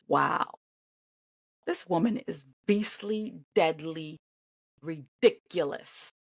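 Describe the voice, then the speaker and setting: A woman's voice: mid-range voice, unhurried, no echo, studio quality. A woman giving reaction commentary on an interview, indignant and sarcastic, talking back at the screen. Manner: animated, swings between loud outbursts and mutters.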